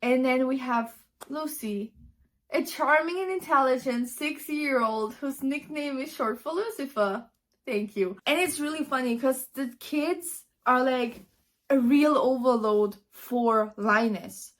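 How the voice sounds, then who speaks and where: A woman chats animatedly as she sums up a book for her vlog. Her voice sits slightly high, and her casual, filler-laden talk keeps bubbling along. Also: a little slow. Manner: chatty, animated, many fillers. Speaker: book vlogger.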